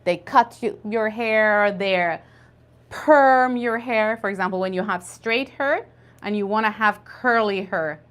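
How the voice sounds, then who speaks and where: A woman's voice: medium pitch, a bit bright. A woman teaching an online English conversation class, patiently spelling out words and drilling pronunciation.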